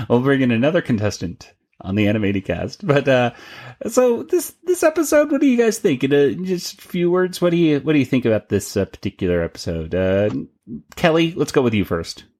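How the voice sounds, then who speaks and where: A man's voice: medium pitch, very animated, normal speed, a little mellow. A man hosting a podcast in casual chat, chatty and laughing often, with frequent restarts. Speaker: podcast host.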